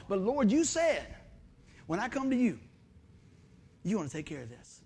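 A middle-aged male pastor, preaching a folksy, animated sermon full of stories and calls for amen. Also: extremely high pitch, brisk, pauses often, slightly rough. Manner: folksy, animated, storytelling with asides and call-and-response.

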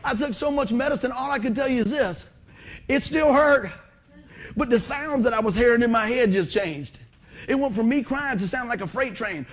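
A man preaching a sermon in a folksy storytelling manner, swinging from loud bursts to quiet asides. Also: very high-pitched, normal speed. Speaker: pastor.

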